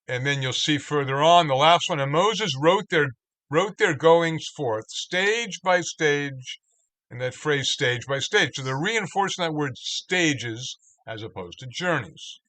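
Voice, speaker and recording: A male cantorial spiritual leader leads an online Torah study, speaking slowly and thoughtfully and restarting words as he reads translations aloud. His voice is slightly high, lively, and somewhat bright.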